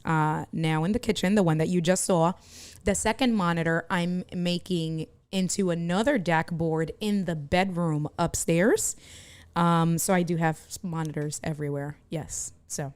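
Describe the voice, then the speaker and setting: This live streamer has a fairly low, clear, resonant voice as she chats casually from home. She laughs frequently while responding to viewer comments, using a desk streaming mic fed through a mixer.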